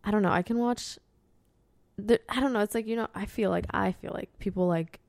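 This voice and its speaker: A woman's voice: mid-range voice, brisk, creaky, a little mellow, dry recording. A young woman co-hosting a podcast, talking casually and hesitantly with many fillers. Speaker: podcast co-host. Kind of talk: casual chat.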